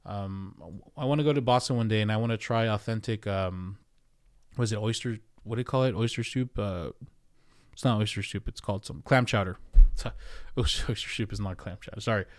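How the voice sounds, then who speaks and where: Streaming from home, this man, a US real estate agent, keeps up a casual, rambling livestream and reads out viewers' comments along the way. He talks fairly quickly in a fairly low voice.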